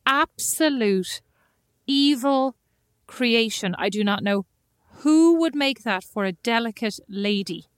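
Animated woman, teasing podcast chat. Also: a little high, slow pace, clear, resonant tone, no echo. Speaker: podcast co-host. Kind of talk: casual chat.

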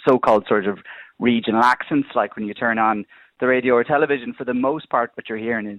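A man's voice: medium pitch, steady tone, quick pace, no echo. An Irish man calling a radio phone-in, talking in a hedging way with many "sort of" fillers. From Ireland. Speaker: radio caller. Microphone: telephone line. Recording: tinny phone line, dry.

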